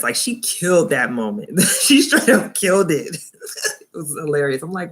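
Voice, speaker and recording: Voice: medium pitch, sing-song, normal speed, fairly bright tone. A young adult vlogger giving a live, casual review of a TV show, chatting and laughing often, with incredulous asides.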